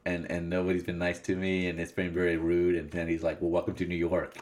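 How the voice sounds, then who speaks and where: A man's voice: low-pitched, completely flat delivery, fast, darkish tone. A man in casual conversation, enthusiastically talking through scenes of a film and acting out the characters' lines. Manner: enthusiastic, acts out quoted lines in voices. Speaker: podcast co-host. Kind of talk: casual movie discussion.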